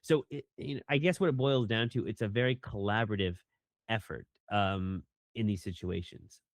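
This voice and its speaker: Man with a low, dry voice. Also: normal speed, no echo. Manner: rambling, many fillers, acts out line readings. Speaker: voice director and actor. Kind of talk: casual interview answers.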